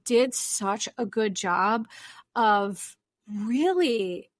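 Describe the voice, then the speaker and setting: A woman's voice: mid-range voice, expressive, drawn-out words, no room sound, clean studio sound. A young woman therapist hosting her own podcast, talking earnestly and rambling a little, with self-deprecating asides. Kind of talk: solo podcast talk.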